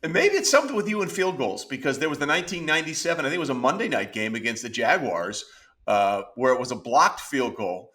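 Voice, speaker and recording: A man's voice: medium pitch, big pitch swings, fast talker, pushed and bright. A man hosting an interview show, chatting casually and eagerly recounting moments from the guest's career. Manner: enthusiastic, recounting clips with filler words. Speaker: podcast host.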